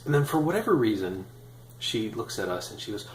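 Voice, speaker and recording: A man in his thirties telling a personal story in a casual, animated, self-deprecating way with many fillers. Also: lowish voice, brisk, roomy sound, slight background noise, rough recording. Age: 30s. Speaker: vlogger.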